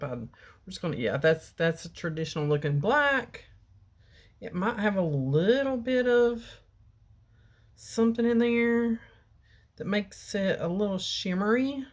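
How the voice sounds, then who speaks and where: A chatty beauty vlogger in her home bedroom shows off a nail polish haul in casual conversation. She baby-talks her cat in a high cooing voice.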